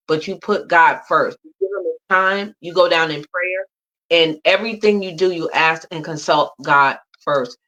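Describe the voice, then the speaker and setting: A woman's voice: on the low side, a bit bright, low-quality recording. A woman from the USA, a guest mentor giving faith-based motivational advice in a preachy way that builds through repeated lists.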